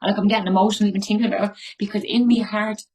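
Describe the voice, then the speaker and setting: A woman's voice: mid-range voice, fairly even intonation, rapid-fire, darkish tone, low-quality recording. A woman in her forties with a Tipperary Irish accent, giving a raw, emotional recovery share from her bedroom at home, swearing freely. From Ireland. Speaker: recovery meeting speaker.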